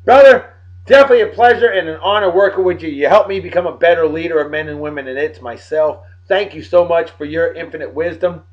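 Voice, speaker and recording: A tired man giving joking, animated shout-outs to friends in a casual vlog. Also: fairly high pitch, fast talker. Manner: animated, joking sports banter. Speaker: vlog host. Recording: dull lo-fi recording.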